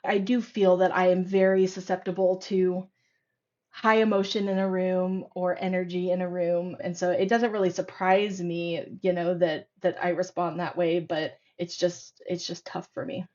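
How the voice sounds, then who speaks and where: A woman speaking as a podcast guest, telling stories in an animated way with frequent fillers. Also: on the low side, moderate pace, muffled recording. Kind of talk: casual conversational interview.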